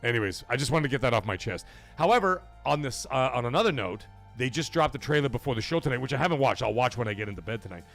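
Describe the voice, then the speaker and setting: A man's voice: medium pitch, animated, quick pace, fairly bright tone, soft background music. A man in his thirties hosting a live gaming podcast, ranting in a heated, profane, opinionated way. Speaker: podcast host.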